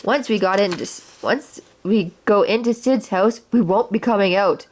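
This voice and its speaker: A woman reading a children's story aloud, voicing an excitable male cowboy toy who exclaims shrilly. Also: mid-range voice, normal speed, natural voice. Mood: urgent.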